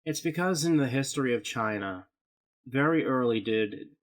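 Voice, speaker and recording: A man's voice: mid-range voice, lively intonation, normal speed. A man co-hosting a casual podcast chat, rambling through explanations and swearing now and then. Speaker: podcast co-host.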